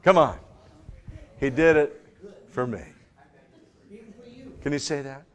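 A man preaching a sermon and leading prayer, dropping to a hush and then rising loud to coax the congregation. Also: medium pitch, slow. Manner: swings from hushed to loud, coaxing the congregation. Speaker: pastor. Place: church service in front of a congregation.

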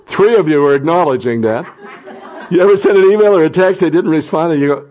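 A man's voice: on the high side, animated, fast, lo-fi sound. Middle-aged male pastor preaching. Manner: conversational preaching, rising to loud impassioned cries. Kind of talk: sermon.

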